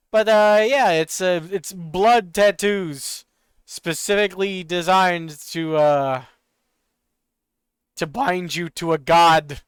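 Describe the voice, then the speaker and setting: Excitable high-voiced male streamer. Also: clean tone, dry recording. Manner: excitable, joking, laughs often. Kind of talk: casual gameplay commentary.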